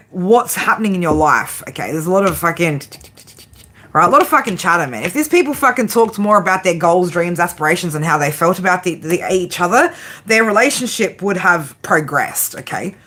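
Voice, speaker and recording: A woman's voice: lowish voice, animated, moderate pace, fairly bright tone. Brash, swearing Australian woman. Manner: brash, swears often, chatty and giggly. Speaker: tarot reader. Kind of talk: casual live tarot reading.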